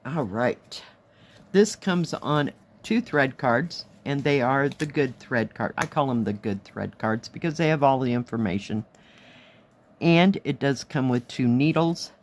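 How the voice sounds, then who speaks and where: A woman with a hoarse, fading voice, chatting casually through a craft kit review, admiring the pieces and counting aloud as she goes. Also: rumbling low, animated, measured pace, a little mellow, a little hiss or hum. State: hoarse, losing her voice. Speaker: cross-stitch vlogger.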